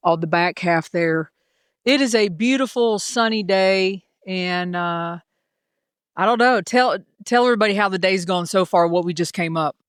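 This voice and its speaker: A woman's voice: mid-range voice, moderate pace, smooth, no room sound, studio quality. A woman with a Southern US accent vlogging casually from a mountain summit, chatty and self-deprecating, filmed on a handheld phone. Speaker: hiker and vlogger. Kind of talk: casual trail vlog.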